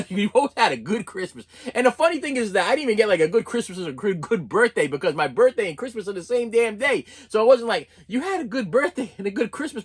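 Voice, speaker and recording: Fast-talking husky storyteller in their forties. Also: mid-range voice. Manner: animated, self-interrupting, laughs at own stories. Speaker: YouTube comedy channel host. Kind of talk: rambling storytelling monologue.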